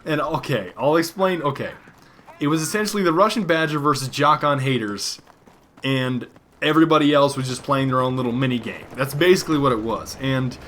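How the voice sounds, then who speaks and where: A man's voice: mid-range voice, a little fast, a bit bright, a little hiss or hum. A man giving joking, rambling gameplay commentary. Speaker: gaming commentator.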